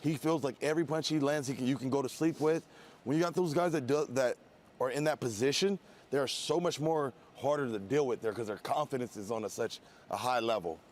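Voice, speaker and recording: A man giving casual fight analysis in a measured way, repeating points for emphasis. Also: mid-range voice, darkish tone.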